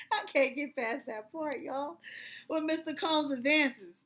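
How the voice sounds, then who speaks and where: Woman reading documents aloud, high voice, bright tone, animated, laughing asides. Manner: animated, often breaks off laughing and exclaiming. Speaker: commentary channel host.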